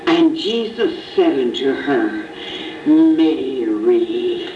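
A woman reading Bible verses in a measured way, announcing each verse number. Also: deep voice, sing-song, background noise. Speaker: scripture reader. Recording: distant, roomy, dull recording.

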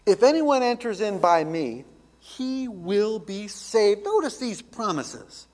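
A man, a pastor, delivering a radio ministry sermon with emphatic, deliberate preaching that repeats key phrases. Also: high-pitched, sing-song, darkish tone.

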